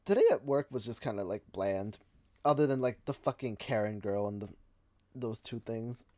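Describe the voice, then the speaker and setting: Fairly low and mellow, this young streamer's voice comes through a dry recording at a moderate pace. His live chatter drifts into meandering anecdotes, thick with filler words and frequent cursing.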